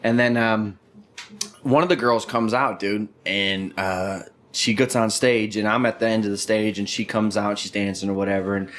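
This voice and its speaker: A young adult man hosting a podcast, telling stories in an animated, profane way and saying "dude" and "bro" a lot. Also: fairly low pitch, normal speed. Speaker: podcast host. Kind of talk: casual storytelling chat.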